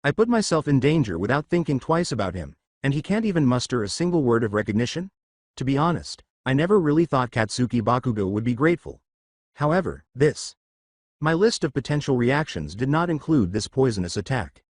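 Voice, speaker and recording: A man reads first-person fan fiction aloud as dramatic storytelling. His pitch moves in wide, lively swings at a middling height. The recording is dry and close to the mic. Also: brisk, no room sound. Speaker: narrator.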